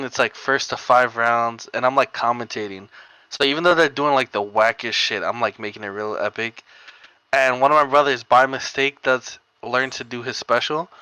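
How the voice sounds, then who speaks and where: A man's voice: mid-range voice, bright, forceful tone, clean tone, no room sound. A young man co-hosting a casual podcast, telling rambling stories full of "like" and laughing often. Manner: rambling storyteller, heavy filler "like", laughs often. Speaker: podcast co-host. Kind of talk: casual chat.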